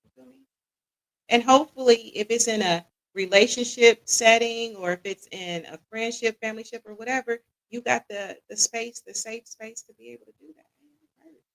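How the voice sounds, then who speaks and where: A woman with hosts a live stream, keeps checking in with her audience, and reacts to their comments. Her voice is a little high, bright and forceful, with a gravelly fry running through it. She sounds relaxed and conversational. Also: normal speed, low-quality recording. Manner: casual and conversational, often asks the audience "what y'all think"; reads audience comments aloud and laughs along. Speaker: host.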